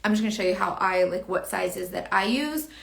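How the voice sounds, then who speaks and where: A woman's voice: mid-range voice, expressive, brisk, vocal fry. A young woman giving a casual, rambling makeup tutorial. She chats to herself as she works. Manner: rambling, chatty, talks to herself while working. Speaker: beauty vlogger.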